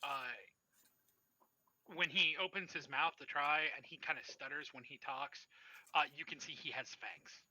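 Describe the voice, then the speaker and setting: A man's voice: a little high, normal speed, sharp tone, poor audio. A man running a tabletop game as its game master, narrating loosely with lots of fillers and restarts.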